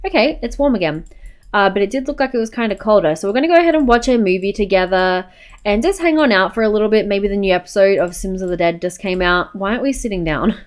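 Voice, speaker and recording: A woman's voice: mid-range voice, lively intonation, quick pace. A woman giving casual, chatty commentary while playing a life-sim game, often saying "go ahead and". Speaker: gameplay narrator.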